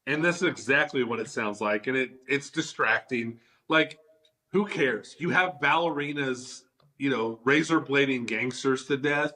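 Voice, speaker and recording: A podcast co-host with a mid-range voice and a moderate pace chats casually about movies. He's enthusiastic and animated, leaning heavily on "like" as a filler.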